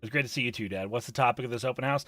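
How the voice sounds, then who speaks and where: A man's voice: mid-range voice, rapid-fire, fairly bright tone, no echo, soft background music. A man chatting on a live stream, emphatic and profane, ranting and reading chat messages aloud.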